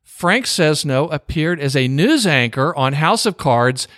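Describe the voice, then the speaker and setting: A man hosting a book podcast in casual interview chat, chatty and quick to laugh at himself. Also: a little high, expressive, fairly bright tone, no echo, studio quality. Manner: chatty, laughs often, self-deprecating. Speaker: podcast host.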